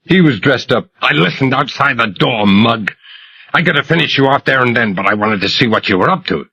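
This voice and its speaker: A man's voice: medium pitch, animated, fairly quick, gravelly, sharp tone, breathy edge, no room sound, full character voice. A man voicing a jittery, vicious junkie gunman who rants and sneers with venom. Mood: ranting. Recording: muffled lo-fi recording.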